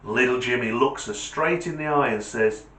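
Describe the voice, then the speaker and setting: A man, hosting a comedy channel and telling jokes in an animated, punchy way. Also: medium pitch, moderate pace. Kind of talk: joke telling. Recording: echoey room.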